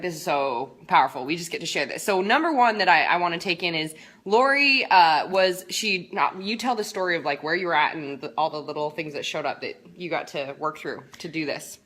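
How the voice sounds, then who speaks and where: A woman's voice: on the low side, expressive, fairly quick, few pauses, fairly bright tone. A middle-aged woman hosting a casual coaching chat, bubbly and upbeat, laughing often. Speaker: life coach and show host.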